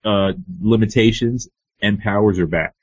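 Deep-voiced man in relaxed chat. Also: normal speed, breathy edge, no echo, muffled recording. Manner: relaxed, frequent "you know" and "uh". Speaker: podcast co-host. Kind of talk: casual comic book discussion.

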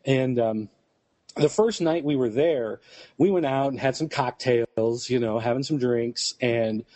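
A man's voice: mid-range voice, unhurried, darkish tone, no echo. A man on a casual podcast, telling a long rambling anecdote full of fillers. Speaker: podcast co-host. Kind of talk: casual storytelling chat.

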